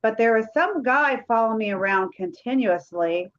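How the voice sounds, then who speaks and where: A woman's voice: fairly high pitch, expressive, normal speed. A woman paranormal investigator telling a rambling story in casual chat. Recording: dull lo-fi sound.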